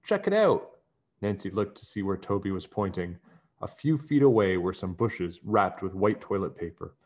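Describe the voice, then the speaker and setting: Low-voiced man reading a kids' book. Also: moderate pace, a little mellow, highs cut off. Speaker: narrator reading a children's book. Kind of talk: children's book read-aloud.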